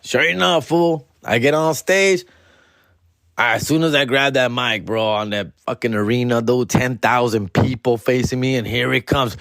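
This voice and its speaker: A man, a comedian and father from California, telling a story in casual podcast chat, animated and slangy and acting out quotes. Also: medium pitch, normal speed, dry recording, clean studio sound. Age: adult, father.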